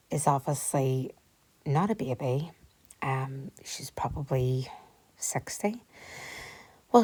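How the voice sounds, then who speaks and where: A woman, telling a story at home in an animated, breathless way and sometimes dropping to a whisper. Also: low-pitched. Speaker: home vlogger. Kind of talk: chatty storytelling vlog.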